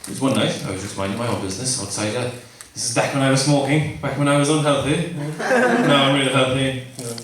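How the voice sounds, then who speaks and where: Tipsy comedian in an echoey pub. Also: male voice, medium pitch, expressive, quick pace, few pauses, a bit bright. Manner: rambling, self-mocking, laughs at his own jokes. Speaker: stand-up comedian. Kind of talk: stand-up routine. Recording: echoey live room, mic far off, noisy.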